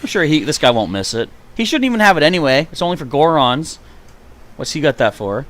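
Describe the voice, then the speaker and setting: Animated, chatty male game streamer. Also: on the high side, brisk. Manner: chatty, talks to himself and chat while playing. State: hiccuping. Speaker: live streamer. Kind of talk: gameplay live stream commentary.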